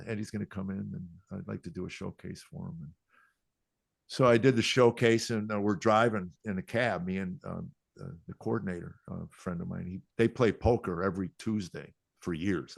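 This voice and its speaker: Here the older comedian guest speaks low and gravelly, fairly quick, with fairly even intonation and no echo. He pokes fun at himself in his podcast stories and mimics people in performed voices.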